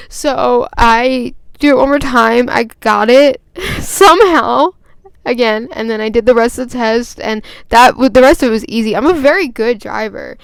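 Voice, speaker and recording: A woman's voice: on the high side, moderate pace, clean tone, no room sound. A young woman vlogger telling a story and ranting in a chatty, rambling way with lots of fillers. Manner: grows agitated and emphatic. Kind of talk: casual storytime rant.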